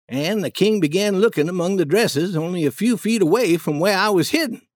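A man narrating a story aloud in a plain, steady first-person storytelling manner. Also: sits high, brisk, few pauses, no room sound.

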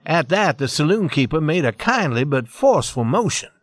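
Expressive male storybook narrator. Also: fairly high pitch, normal speed, no echo, clean studio sound.

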